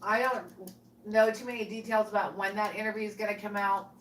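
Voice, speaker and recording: A woman's voice: medium pitch, fairly even intonation, fairly quick, fairly bright tone, distant mic. A woman speaks hesitantly on a livestream, trailing off with fillers as she passes along messages. She sounds set back from the mic in a roomy, echoing space. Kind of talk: casual livestream chat.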